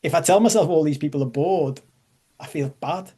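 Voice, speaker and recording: A man's voice: on the high side, brisk, mellow, husky. A man leading a live online coaching masterclass, chatty and self-deprecating, checking in with his audience. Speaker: life coach.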